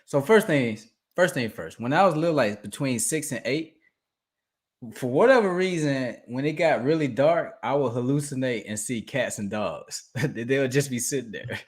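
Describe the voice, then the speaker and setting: A young man in casual chat, telling a story animatedly and acting out scenes with loud outbursts and laughter. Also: medium pitch, lively intonation, normal speed, breathy edge.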